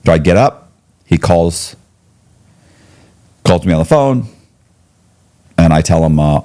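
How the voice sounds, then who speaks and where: Man, low and mellow voice, podcast guest, lively storytelling, quotes people. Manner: lively retelling with quoted dialogue and quick restarts. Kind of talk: storytelling in conversation.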